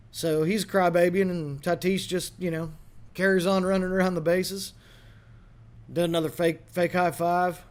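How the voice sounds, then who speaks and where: Brash high-voiced male podcast host. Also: little pitch movement, moderate pace. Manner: brash, joking, swears freely. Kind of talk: casual podcast talk.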